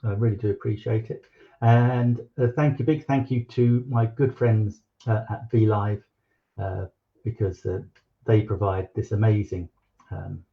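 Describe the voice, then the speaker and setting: A man's voice: on the low side, steady tone, unhurried, gravelly, narrow, tinny audio. A man hosting a live cooking stream, chatting casually with many fillers and restarts.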